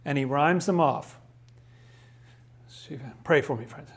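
A man's voice: on the high side, takes it slowly. A man giving a spoken lecture on scripture in a conversational way, reading quotations aloud and adding wry asides.

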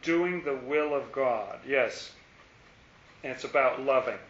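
A man's voice: medium pitch, takes it slowly, a bit bright, slight background noise. A man leading an informal Bible study, thinking aloud and asking rhetorical questions. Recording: roomy, dull lo-fi recording.

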